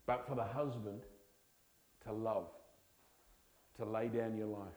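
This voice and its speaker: A man's voice: on the low side, steady tone, darkish tone, low-quality recording. A man preaching a sermon, from Australia, leaning hard on key words and stretching them out. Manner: emphatic, drawn-out key words.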